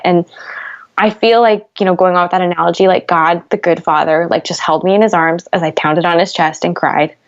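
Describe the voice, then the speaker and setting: A woman's voice: fairly low pitch, steady tone, fairly quick. A young woman talking candidly as a podcast guest, earnest and emotional, leaning heavily on "like" as she talks. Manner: earnest, heavy use of "like", rising intensity. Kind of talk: candid conversational storytelling. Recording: slightly dull lo-fi podcast audio.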